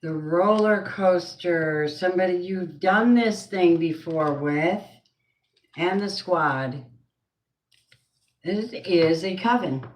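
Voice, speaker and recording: A woman's voice: lowish voice, slow, reverberant, rough recording. A woman giving a spoken tarot reading with prayers, blunt and earthy, muttering asides to herself. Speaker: tarot card reader.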